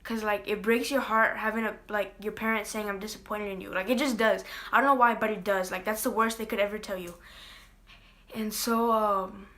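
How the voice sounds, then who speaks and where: A woman's voice: mid-range voice, steady tone, a little fast, pushed and bright. A young woman telling a personal story in a casual vlog, rambling with lots of fillers, earnest. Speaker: vlogger.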